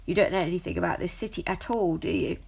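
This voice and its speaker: A woman reading aloud puts on a hard-bitten female alley cat from a storybook, low and gravelly, with a husky, rough edge. She talks gruff and blunt, snapping out her words with suspicion. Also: fast talker, a little mellow, exaggerated voice.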